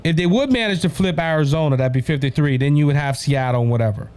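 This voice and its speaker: High-voiced Cajun man hosting commentary. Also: fast, smooth. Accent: Louisiana Cajun. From Louisiana. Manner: animated, keeps addressing "ladies and gentlemen". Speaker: host. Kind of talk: political commentary show.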